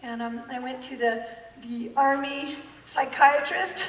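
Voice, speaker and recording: Lady telling her testimony with jokes, high voice, far off in a big echoey hall, faint crowd. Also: takes it slowly, slight background noise. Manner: animated, self-mocking humor, acts out quotes. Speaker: guest speaker. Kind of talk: personal testimony talk. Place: large church hall with an audience. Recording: echoey hall recorded from afar.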